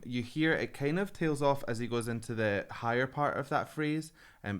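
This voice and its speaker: A man, a vocal coach giving analytical, enthusiastic reaction commentary on singers. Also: on the low side. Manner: analytical and enthusiastic, prone to laughing. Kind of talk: reaction commentary on a singing video.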